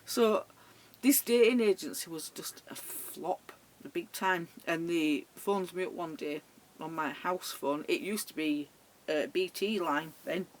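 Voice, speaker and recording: A middle-aged woman casually telling dating stories to camera in a chatty, animated way. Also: fairly low pitch, a little slow, rough recording. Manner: chatty, animated retelling with laughs. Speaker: vlogger. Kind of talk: casual storytelling.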